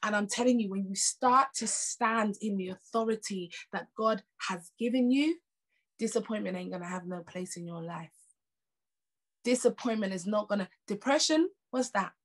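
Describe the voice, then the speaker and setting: A woman's voice: medium pitch, moderate pace. A woman with a British accent preaching a sermon, emphatic and conversational, repeating her points with rising intensity. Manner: conversational asides and laughs.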